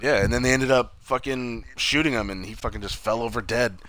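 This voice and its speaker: A man's voice: medium pitch, fairly quick, fairly bright tone. A man co-hosting a casual movie review chat, loosely retelling scenes, swearing often and acting out quotes. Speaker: podcast co-host.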